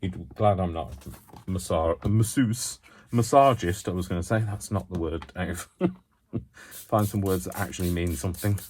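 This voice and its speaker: Low-voiced man rambling through a craft demo. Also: normal speed, darkish tone, husky. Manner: rambling, self-mocking asides. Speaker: craft tutorial host. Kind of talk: chatty hands-on demonstration.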